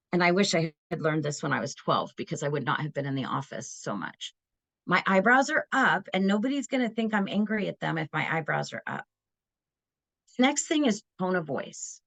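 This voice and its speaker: A middle-aged woman presenting a parenting webinar in a casual, animated way, acting out quoted voices. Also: on the low side, gravelly.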